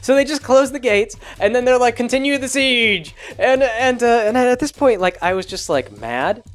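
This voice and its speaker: A man's voice: extremely high pitch, lively intonation, normal speed. A man hosting his own show, recapping a video game in a rambling, exasperated way with lots of filler words. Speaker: blog host. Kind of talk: casual gaming recap monologue.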